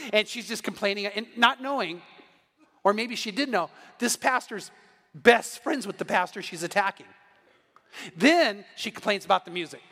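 A male pastor preaching in a lively, conversational way, slipping into quick acted-out quotes. His voice sits high for a man, and it carries a long reverb that rings through a church hall. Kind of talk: sermon.

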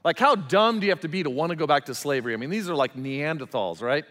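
A man with a high, bright speaking voice delivers an animated sermon, rising to loud, urgent emphasis and then dropping to slow, quiet lines. His voice rings out with the long reverb of a large hall. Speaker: pastor.

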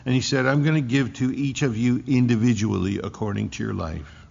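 A man's voice: mid-range voice, brisk, gravelly, darkish tone. A man preaching a sermon as pastor, emphatic and repeating key phrases for weight, in a church sanctuary. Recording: dull lo-fi recording with long hall reverb.

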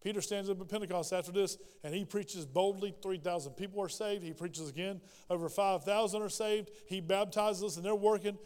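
A man preaching a sermon as pastor in a church, animated and acting out the voices in his quoted prayers. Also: high voice, brisk, few pauses, clear, resonant tone, big-room sound. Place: church sanctuary.

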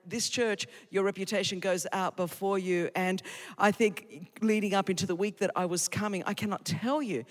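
A woman in her fifties with an Australian accent, preaching an energetic, joking sermon to a church congregation. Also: mid-range voice, moderate pace. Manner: exuberant, joking, emphatic. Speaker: guest preacher. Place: large church auditorium. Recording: reverberant church hall.

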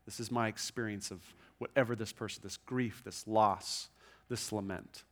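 A man preaching a sermon in a church room, earnest and conversational, often restarting and checking in with "right?", slowing down and softening when he reads scripture. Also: on the low side, fairly even intonation. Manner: reads scripture slowly and softly. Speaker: pastor.

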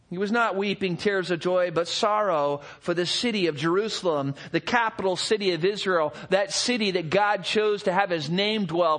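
This pastor delivers his sermon expressively, climbing to excited peaks and then sinking into hushed, low passages.

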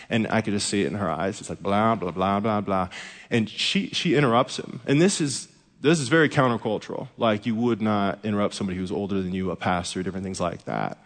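Storytelling pastor in echoing hall. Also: male voice, on the low side, a little fast. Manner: humorous storytelling. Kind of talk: sermon. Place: church sanctuary. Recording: echoey hall reverb.

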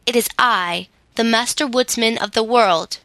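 A calm, stern immortal lord of the forests speaks with grave authority, as a woman narrator gives him voice. The pace is slow and measured, the tone bright and clear, recorded dry. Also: on the high side, dry recording, poor audio.

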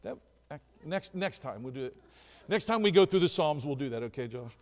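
A man with a high-pitched voice preaches a sermon, dropping to hushed asides and then rising to shouts. His voice rings through a hall with a long reverb. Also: lively intonation, fairly quick. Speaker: pastor.

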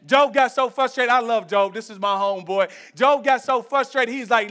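A male pastor with a strikingly high voice delivers a conversational sermon to his congregation. He swings between loud, emphatic lines and hushed, intense stretches. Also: moderate pace.

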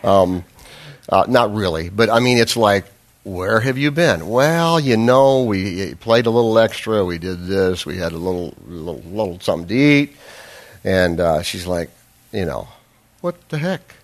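A man's voice: low voice, expressive, moderate pace. A man preaching a sermon as a pastor, telling a self-deprecating personal story with humor, then pressing his point with earnest, fervent emphasis.

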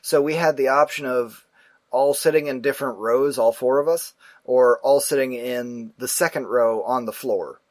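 Profane, animated man telling a story. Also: mid-range voice, normal speed, no echo. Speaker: podcast host. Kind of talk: casual storytelling chat.

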